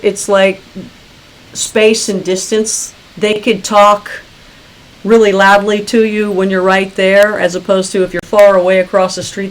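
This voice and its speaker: A woman's voice: medium pitch, flat delivery, unhurried, slight background noise, low-quality recording. A woman hosting a talk show, asking chatty, probing questions in a casual conversation. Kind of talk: casual interview.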